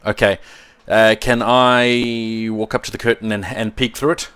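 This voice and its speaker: A man's voice: fairly low pitch, little pitch movement, a little slow, fairly bright tone, clear, resonant tone, no room sound. A man chatting as a player in a tabletop game, laid-back, with brief replies. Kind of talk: casual tabletop game chat.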